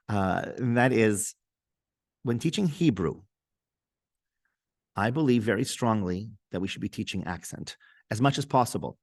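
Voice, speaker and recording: A man's voice: fairly low pitch, no echo, clean studio sound. A man hosting a podcast interview, French his first language, talking earnestly and thoughtfully with some restarts. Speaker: podcast host. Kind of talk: conversational interview.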